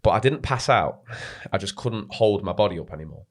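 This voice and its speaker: A young man rattles through a personal story at a quick clip. His voice sits on the low side, and his talk is loose and animated, with "mate" and the odd swear word thrown in. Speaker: podcast guest. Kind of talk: casual storytelling.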